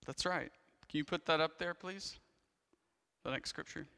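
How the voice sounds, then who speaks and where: A man's voice: a little high, normal speed, creaky, pushed and bright, smooth, big-room sound. A man preaching a sermon in a church, telling a story in a conversational way with frequent restarts and asides. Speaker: pastor.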